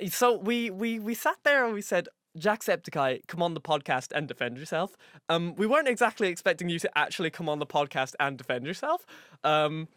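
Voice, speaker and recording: A man's voice: fairly high pitch, dry recording, clean studio sound. A young man from Ireland with a light Irish accent, co-hosting a casual podcast and joking around. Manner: jokey, breaks into loud comic voices. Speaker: podcast co-host.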